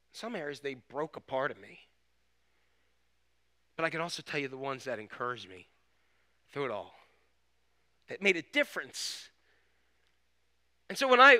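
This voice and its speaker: A man's voice: medium pitch, pushed and bright, clear, resonant tone. A male pastor giving a casual, storytelling sermon with frequent restarts. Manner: conversational, storytelling, full of restarts.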